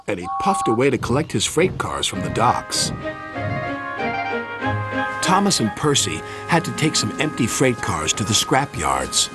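American man narrating children's story, lively pitch, music underneath. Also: unhurried.

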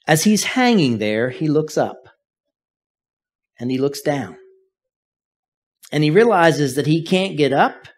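Higher-voiced man preaching a sermon. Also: sing-song, takes it slowly, pauses often. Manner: storytelling, varies loudness for emphasis. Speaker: pastor.

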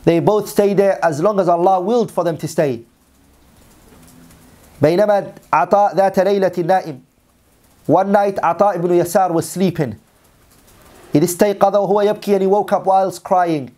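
Male preacher, quick delivery, slightly high voice, reads Arabic then restates it in English. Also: warm tone. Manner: reads Arabic text then translates, repeating lines. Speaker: Islamic teacher. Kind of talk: sermon storytelling.

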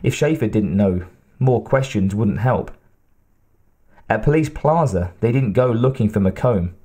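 A man reading a thriller audiobook aloud as narrator, in a steady, even storytelling manner. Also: fairly low pitch, a little slow, husky. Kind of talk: scripted narration.

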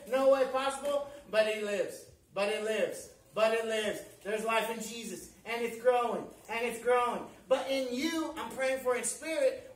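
A man's voice: very high-pitched, fairly bright tone, roomy sound, distant mic. A man preaching a sermon as pastor, emphatic and repetitive, reading scripture aloud. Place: church.

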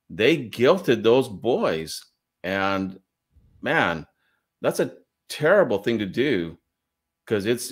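A man giving earnest, emphatic analysis of an interview as a guest statement analyst. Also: fairly low pitch. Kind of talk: analytical commentary.

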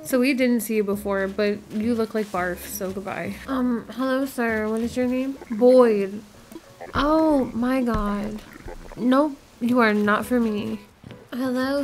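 A woman's voice: fairly high pitch, darkish tone. A young woman giving casual game commentary, blunt and dramatic, with frequent swearing. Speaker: gaming vlogger. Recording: faint music behind.

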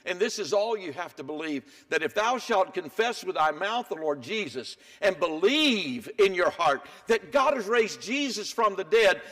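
Emphatic high-voiced older preacher. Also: male voice. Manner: dramatic swings between hushed and emphatic. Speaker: pastor. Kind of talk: sermon. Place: church sanctuary.

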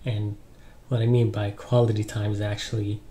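A young man giving casual relationship advice in a relaxed, rambling way, with lots of ums and you-knows. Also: fairly low pitch, normal speed, a little hiss or hum. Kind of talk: casual advice talk to camera.

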